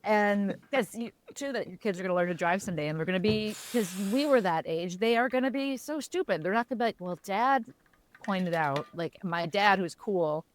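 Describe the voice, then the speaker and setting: A woman co-hosting a podcast in casual chat, telling stories with laughter and quick self-corrections. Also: medium pitch, expressive, slight background noise. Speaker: podcast co-host.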